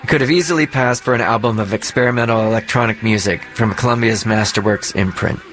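A man giving scripted documentary narration in a measured, even delivery. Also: lowish voice.

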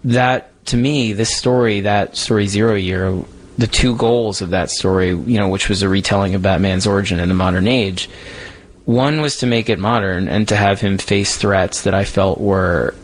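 A man's voice: fairly low pitch, fairly even intonation, normal speed, poor audio. Candid, rambling male writer. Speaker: comic book writer, guest. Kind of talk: interview answers. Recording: music playing underneath.

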